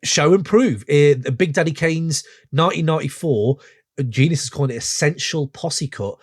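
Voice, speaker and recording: A man's voice: a little high, no echo, clean studio sound. A man hosting a podcast, chatting enthusiastically and meandering as he reviews a track. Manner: enthusiastic, meandering, quick to laugh. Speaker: podcast host. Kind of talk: casual track-review chat.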